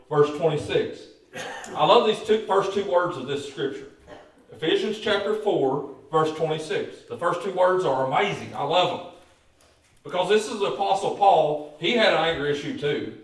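Folksy pastor in an echoey church. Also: male voice, mid-range voice. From Kentucky. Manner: folksy, joking, repeats words, calls for amens. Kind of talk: lively preaching sermon. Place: church sanctuary. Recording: very echoey church, voice far from mic.

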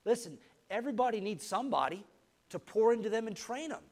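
A man preaching a sermon, energetic and exhorting, asking the congregation for an amen. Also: sits high, fast talker. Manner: energetic, exhorting, call-and-response asides.

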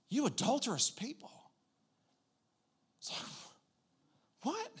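A man delivering a sermon in a high, light voice. He is animated and expressive, jumping from hushed, low asides to loud, excited outbursts as he acts out what people say. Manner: animated, acts out quotes with big pitch swings. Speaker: pastor.

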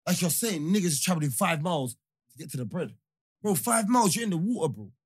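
Host, high, husky, fast and animated, slang-heavy banter. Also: male voice. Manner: animated slang-heavy talk, many repeats. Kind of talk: casual chat.

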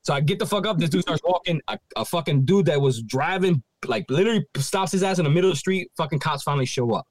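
Guy telling a wild story on a podcast, cussing nonstop, voice jumps all over, kinda high. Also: quick pace, hardly any pauses, no echo. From Puerto Rico heritage, living in Philadelphia. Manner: swears constantly, animated retelling with acted-out quotes. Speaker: podcast co-host. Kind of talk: casual profane storytelling.

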